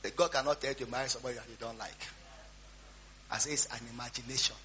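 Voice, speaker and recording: A man preaching a storytelling sermon, swinging between quiet asides and loud shouts. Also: mid-range voice, steady tone, quick pace. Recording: dull lo-fi sound with faint hum.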